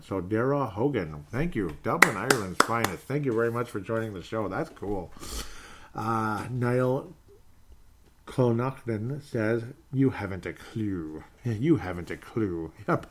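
A man hosting a sports talk show, reading out viewer comments in a relaxed way and chuckling now and then. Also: on the low side, slight background noise. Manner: relaxed, chuckles often, trails off and restarts. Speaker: podcast host.

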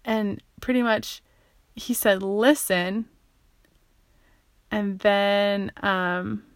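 A woman records a casual vlog monologue in a dry, close-sounding space, and her voice sits at an ordinary middle pitch. She rambles excitedly, cuts herself off, restarts her sentences, and fills the gaps with "like" and "um". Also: slow pace, smooth, dry recording. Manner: rambling and excitable, many fillers, self-interrupting. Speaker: vlogger sharing what she learns.

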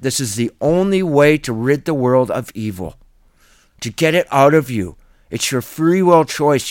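An earnest man preaching in a solo Bible teaching video, insistent and firm in his delivery. His voice sits at an ordinary male pitch. The recording is dry and close, with no room sound. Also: no room sound.

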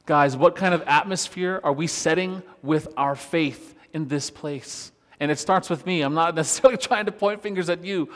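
A worship pastor telling a personal story in a relaxed, conversational sermon, laughing often as he talks. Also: on the high side. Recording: long reverb of a church hall.

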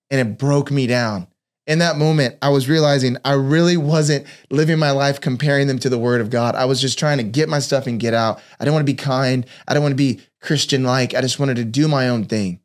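Speaking briskly in a mid-range voice, a man who is a father shares a personal devotional talk. His earnest stories come with acted-out voices for the people he quotes.

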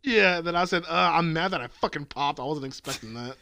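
Young male podcast co-host, bright voice, dry sound, crude storytelling with sudden high yelps. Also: a little fast, vocal fry, no echo. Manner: swearing, retelling texts, jumpy pitch. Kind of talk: crude casual chat.

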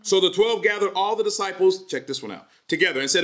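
Male pastor, energetic jokey sermon, bright and forceful voice. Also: high-pitched, fast talker, few pauses. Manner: lively, jokey preaching with playful put-on voices. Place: church service with congregation responding.

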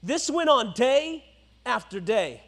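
A male pastor preaching a sermon, swinging between loud exhortation and hushed, low asides. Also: very animated, takes it slowly.

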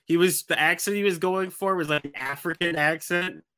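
Bright, enthusiastic man chatting with friends. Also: on the high side, fairly even intonation, moderate pace, no room sound. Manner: enthusiastic, laughs easily. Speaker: podcast co-host. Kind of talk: casual group chat.

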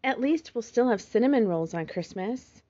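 A woman voicing a small young girl fox kit, sweet and worried, with a soft, pouting, childlike manner, in a slightly muffled recording. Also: on the high side, animated, normal speed, voice pushed up.

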